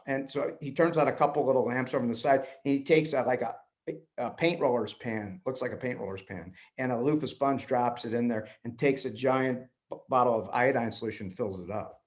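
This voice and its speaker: A man as a podcast guest, telling a long personal story and acting out the voices of the people in it. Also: mid-range voice. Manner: animated storyteller, acts out quoted voices. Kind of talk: storytelling in conversation.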